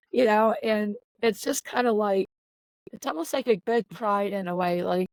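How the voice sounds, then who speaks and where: A woman's voice: fairly high pitch, unhurried, a little mellow, dry recording, rough recording. A middle-aged woman coach talking earnestly in an interview, often repeating words as she searches for her phrasing. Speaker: volleyball coach. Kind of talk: podcast interview.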